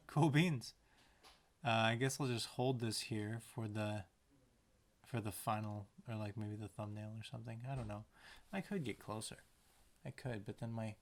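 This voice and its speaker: Medium-pitched and gravelly, a man who paints and makes videos talks casually as he works on a tiny picture. He rambles on to himself using playful sound words.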